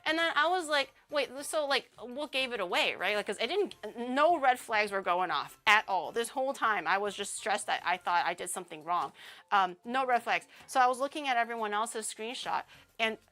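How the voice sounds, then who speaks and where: Bright-voiced young woman streamer. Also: fairly high pitch, moderate pace. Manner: animated, rambling, laughs often. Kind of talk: casual storytelling chat.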